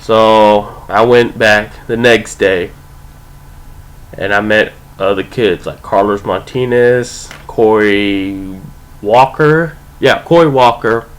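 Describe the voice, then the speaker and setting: A man's voice: fairly low pitch, slow pace, smooth, rough recording. A young man casually telling a rambling, profane story, full of "like" and "you know".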